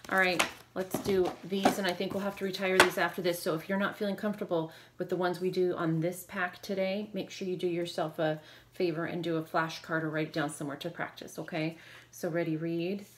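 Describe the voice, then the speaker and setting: Low-voiced woman teaching phonics. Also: flat delivery, a bit bright, slight background noise. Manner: brisk drill prompts with quick praise. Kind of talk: phonics lesson.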